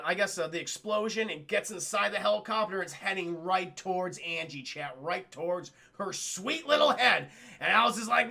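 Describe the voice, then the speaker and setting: Bright, high male streamer with a gravelly edge, swears a lot and keeps talking to the chat. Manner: profane, laughing, keeps addressing the chat. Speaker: streamer and film reviewer. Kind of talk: live-stream film recap chat.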